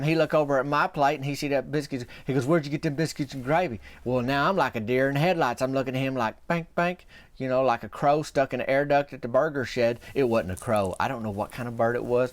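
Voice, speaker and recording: A man's voice: medium pitch, dry recording. Folksy Southern man rambling a story. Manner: folksy, meandering, trails off and restarts. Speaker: podcast host.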